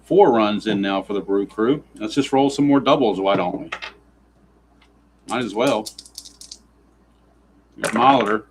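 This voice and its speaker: A lower-voiced man calls a tabletop baseball game play by play, reading out dice results. He grumbles and turns sarcastic whenever the rolls go against him. A faint hiss of background noise sits under his voice. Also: a little slow, long pauses, low-quality recording. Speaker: tabletop baseball simulation player narrating. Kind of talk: play-by-play style game narration.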